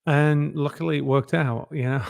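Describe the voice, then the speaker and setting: A man's voice: on the high side, fairly even intonation, normal speed, gravelly, darkish tone, no echo, clean studio sound. A man in his fifties with an English Midlands accent, a guest talking candidly and self-deprecatingly in a casual interview. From England, near Birmingham. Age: 50s. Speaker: guest, actor.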